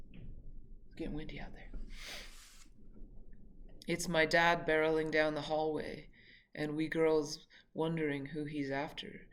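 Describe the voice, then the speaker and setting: A woman reading her own memoir aloud in a reflective, halting way, sometimes correcting herself mid-sentence. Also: low-pitched, gravelly, slight background noise.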